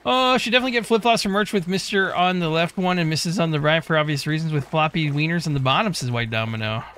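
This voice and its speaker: Man, streamer, casual game chat, reads chat aloud, bright voice. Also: a little high, fast, clean tone.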